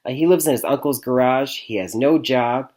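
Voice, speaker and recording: A young man from Michigan talks through a movie review in a loose, chatty way. He stumbles, restarts and fills gaps with ums and uhs, and chuckles at his own jokes. His voice sits at an ordinary middle pitch. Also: moderate pace, darkish tone. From Michigan, USA. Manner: chatty, rambling, frequent fillers and restarts, chuckles often. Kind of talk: casual spoken movie review.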